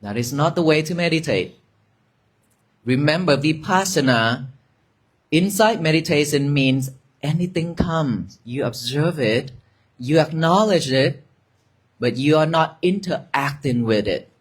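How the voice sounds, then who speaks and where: Slow, gentle monk guiding meditation. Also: male voice, on the high side, expressive, slightly rough. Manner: slow, gentle, repetitive guiding cues, soft at times. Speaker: Buddhist monk teaching meditation. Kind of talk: dharma talk with guided meditation. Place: monastery gathering with an audience.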